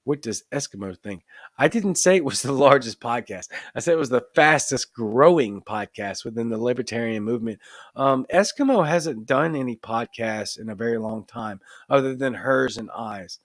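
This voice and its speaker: A Cajun-accented man hosts a live stream at a desk microphone, chatting straight to his viewers. He is earnest and emphatic and keeps repeating himself to drive a point home. His voice sits at an ordinary pitch, and the sound is dry and close. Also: expressive, normal speed, no echo. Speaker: host of a live show. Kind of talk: casual livestream talk, reading viewer comments. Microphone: desk microphone in front of camera.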